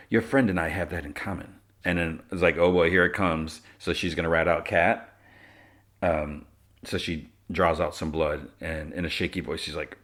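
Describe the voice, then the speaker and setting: A podcast host with a low, steady voice speaks fairly quickly, his tone fairly bright. He casually recaps a TV episode, retelling scenes and quoting the characters in his own voice, with fillers and laughter along the way.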